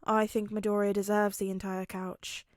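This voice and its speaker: Woman voicing a deadpan monotone teen boy. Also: mid-range voice, normal speed, no echo, studio quality, lightly acted. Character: calm deadpan teenage boy.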